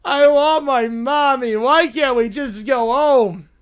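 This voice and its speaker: A man's voice: extremely high pitch, slow, clean tone. A man voicing a whiny, spoiled little princess girl who demands and complains. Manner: whining, demanding.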